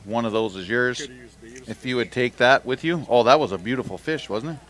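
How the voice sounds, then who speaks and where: A man at mid pitch runs a fishing tournament weigh-in. He calls out weights and banters with the anglers in a joking, upbeat way. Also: fairly quick, fairly bright tone. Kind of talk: live announcing and bantering with anglers.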